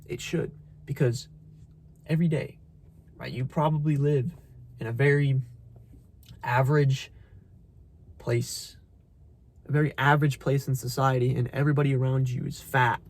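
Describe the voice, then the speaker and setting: A man's voice: mid-range voice, fairly even intonation, fairly quick. A young man giving a blunt, profane motivational rant, preaching tough love and calling the listener bro. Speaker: motivational content creator.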